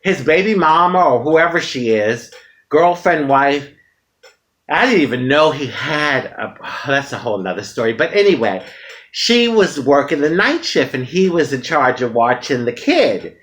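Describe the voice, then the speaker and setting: Woman, from the US, casual vlog storytelling, frank and dramatic, swinging pitch. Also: unhurried. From United States. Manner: frank, animated, dramatic retelling with frequent laughter. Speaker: vlogger.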